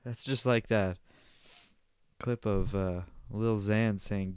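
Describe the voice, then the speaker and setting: A man's voice: fairly low pitch, expressive, slow pace, long pauses, darkish tone, smooth, no echo. A young man hosting a casual solo podcast from Canada, rambling and joking, swearing freely and sniffling now and then, on a close desk microphone. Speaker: podcast host.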